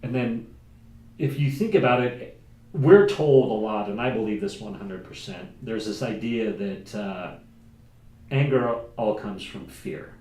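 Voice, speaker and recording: A man's voice: mid-range voice, animated, measured pace, dark tone. A man telling a personal story in casual conversation, candid and full of restarts. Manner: candid, talks with many restarts and fillers. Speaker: podcast guest. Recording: echoey room, mics at a distance, faint noise.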